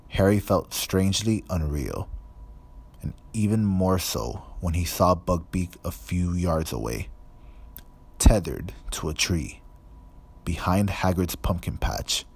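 A man reading an audiobook in a measured, even storytelling manner. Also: deep voice, gravelly, slightly rough. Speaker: audiobook narrator. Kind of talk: scripted narration.

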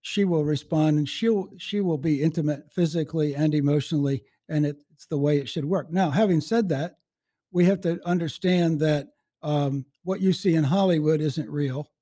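Folksy storyteller in his seventies, mellow. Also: a little high, normal speed. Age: 70s. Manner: folksy, rambling storyteller with restarts and chuckles. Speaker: guest. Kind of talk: casual interview with storytelling.

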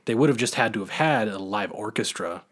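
A man's voice: lowish voice, expressive, brisk, a bit bright. A man co-hosting a podcast in casual chat, rambling and self-deprecating, laughing often. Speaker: podcast co-host.

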